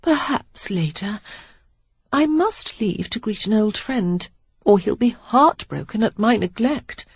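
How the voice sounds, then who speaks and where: A reader plays a young Regency lady in disguise, husky and low, drawing out her words with coy teasing. Her pitch dips and climbs with playful flair over a dull, dry lo-fi recording. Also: animated, slow, no echo, heavily acted. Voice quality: throaty, low. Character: young woman posing as a notorious beauty.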